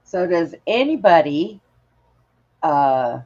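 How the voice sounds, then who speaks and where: A woman chatting casually in a slow, relaxed way. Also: lowish voice, muffled recording. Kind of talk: casual chat.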